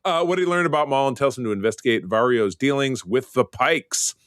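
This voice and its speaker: A man's voice: medium pitch, fairly quick, fairly bright tone, smooth, no echo, studio quality. A man co-hosting a podcast in casual chat, reading plot summaries with chatty asides. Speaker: podcast co-host. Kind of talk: casual chat recapping episodes.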